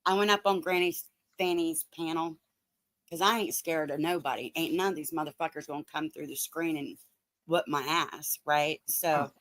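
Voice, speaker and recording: A woman's voice: low voice, steady tone, normal speed, a bit bright, dry recording. A woman hosting a livestream, giving blunt, profane commentary on clips. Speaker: streamer host.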